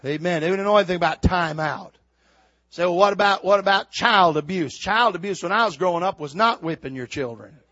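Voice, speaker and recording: Older man, fiery sermon, high voice, dull dry recording. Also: a little fast, dry recording. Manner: fiery preaching, builds to shouts then drops to quiet storytelling. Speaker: preacher.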